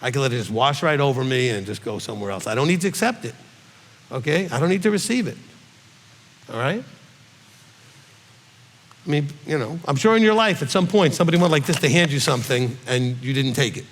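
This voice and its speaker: A man's voice: mid-range voice, expressive, fairly quick, long pauses, long reverb tail. A man, a rabbi, answering questions in a conversational teaching style, checking in with listeners and acting out quoted voices. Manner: conversational, frequent "okay?" check-ins.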